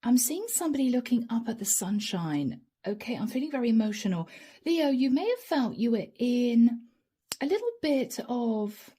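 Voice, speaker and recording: A woman's voice: a little high, sing-song, normal speed, dark tone, husky. A middle-aged woman giving a channeled tarot reading to camera, chatty and addressing her viewers directly. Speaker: tarot reader.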